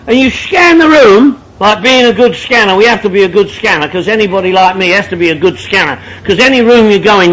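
High-voiced London man joking to a crowd. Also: fairly bright tone, rough recording. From northwest London. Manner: joking, repetitive rhetorical questions. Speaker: recovery meeting speaker. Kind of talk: speaking to an audience at a recovery meeting.

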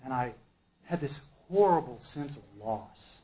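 A man's voice: medium pitch, expressive, unhurried. Emphatic man telling his story, lo-fi. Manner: emphatic storyteller, swinging between loud and hushed. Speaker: speaker at a recovery meeting. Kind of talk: personal testimony.

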